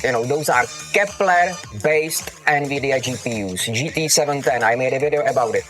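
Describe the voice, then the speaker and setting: A man's voice: on the high side, a bit bright. A man with a non-native English accent hosting a livestream, answering chat questions in an emphatic, teasing way and calling viewers darling. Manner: emphatic, calls viewers darling, repeats "okay? got it?". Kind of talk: casual livestream Q&A. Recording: faint music under voice. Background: background music.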